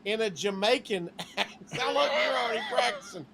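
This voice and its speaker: High-pitched, playful male co-host. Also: animated, a little fast, gravelly, background noise. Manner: playful, teasing, giggly. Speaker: podcast co-host. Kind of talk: casual chat.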